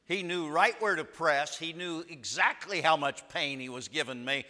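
Bright-voiced preacher man in a reverberant hall. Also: a little high. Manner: storytelling, emphatic with dramatic pauses. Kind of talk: sermon.

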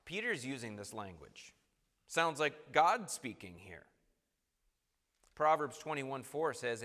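A man preaching a sermon, emphatic and building to forceful peaks. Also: medium pitch, expressive, a little slow, big-room sound.

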